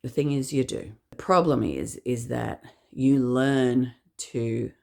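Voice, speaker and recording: A woman in her fifties with an Australian accent, telling a personal story in an earnest, measured way. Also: rumbling low, vocal fry. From England. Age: 50s. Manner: earnest, measured, dropping quiet at grave moments. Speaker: speaker.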